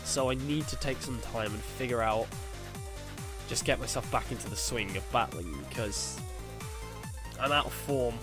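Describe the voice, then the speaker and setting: A man's voice: mid-range voice, moderate pace, pauses often, over music. A young man, frankly and self-critically commenting on a lost game battle. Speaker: game video host.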